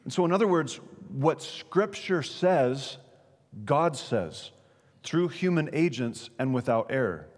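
Conversational preacher in an echoing hall. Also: male voice, on the high side, lively intonation, slow. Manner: conversational, asks the audience questions. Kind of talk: sermon. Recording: long reverberant hall.

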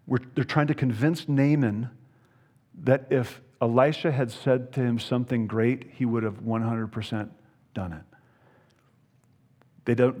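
A pastor giving an animated expository sermon, emphatic, with playful asides and frequent repeated words. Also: male voice, medium pitch. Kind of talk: expository Bible teaching sermon.

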